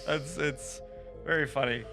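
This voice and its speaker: A man's voice: a little high, unhurried, vocal fry, pushed and bright, faint music behind. A man hosting a casual movie review podcast, chatty, laughing often and swearing freely. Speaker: podcast host.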